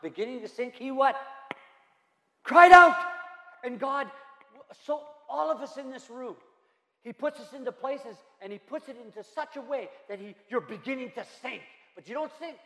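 A man's voice: very high voice, lively intonation, brisk. A male pastor preaching a sermon, emphatic and repetitive, asking the room rhetorical questions. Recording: roomy hall reverb.

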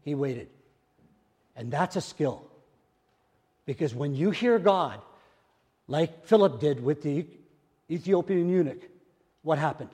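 An older man preaching a sermon as pastor, repeating phrases and swinging from hushed murmurs to loud exclamations. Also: fairly high pitch, lively intonation, unhurried, pauses often, breathy edge, long reverb tail. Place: church.

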